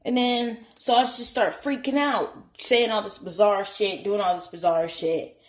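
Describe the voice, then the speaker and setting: A woman's voice: medium pitch, steady tone, unhurried. A young woman vlogging a candid personal story at home, blunt and profane, acting out the voices of people she quotes. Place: home, indoors. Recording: echoey room.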